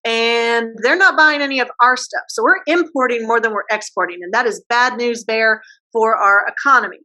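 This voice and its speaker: A teacher acting out worried Europeans in a casual classroom skit. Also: female voice, a little high, normal speed, sharp tone, rough recording. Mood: annoyed. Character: fretting, annoyed Europeans.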